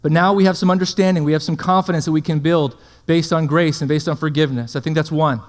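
A high-pitched male preacher delivers a sermon. He strings rhetorical questions together and keeps checking that his listeners follow. His voice rings out with long reverb, as in a large hall. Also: steady tone, fast talker.

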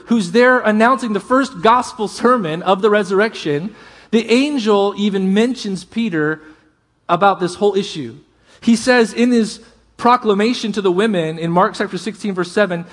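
A pastor preaching a sermon, earnest and emphatic, often dropping to a hush. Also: male voice, sits high, normal speed.

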